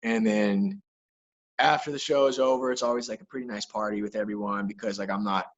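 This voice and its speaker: In a muffled recording, a young man with a lowish voice speaks fairly quickly as a podcast guest. The hockey player and rapper swears constantly and peppers his animated, wild anecdote with "like."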